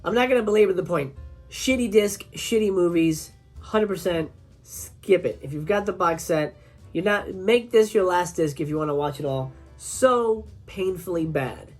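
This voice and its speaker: A woman's voice: on the low side, normal speed, soft background music. A woman reviewing horror films in a casual, profane rant, acting out scenes in quoted voices. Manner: animated, swears a lot, acts out scenes in quoted voices. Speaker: film reviewer.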